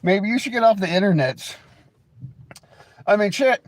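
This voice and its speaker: A man's voice: sits high, lively intonation, normal speed, dry recording. A man with an American accent hosting a livestream, teasing and crude in casual banter. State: coughing. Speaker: livestream host.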